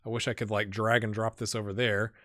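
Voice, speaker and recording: A man chats his way through a live game stream, musing aloud as he clicks through menus. His voice is bright and forward, and the sound is dry and close, with no room behind it. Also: fairly low pitch, little pitch movement, brisk, no echo. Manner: chatty, talks to himself while playing. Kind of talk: casual live-stream commentary.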